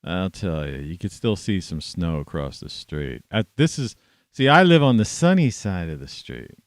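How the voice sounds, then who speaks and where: Lowish, lively-voiced man ranting. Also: moderate pace, no echo. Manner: heavy swearing, scornful, sudden loud outbursts. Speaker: vlogger. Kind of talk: profane rambling rant to camera.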